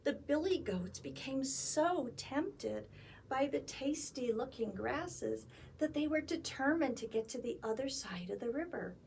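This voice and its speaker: Slow, gravelly-voiced woman reading aloud. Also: high-pitched, slight background noise. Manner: expressive, dramatic storytelling with hushed asides. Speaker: children's librarian. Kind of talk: storytime read-aloud.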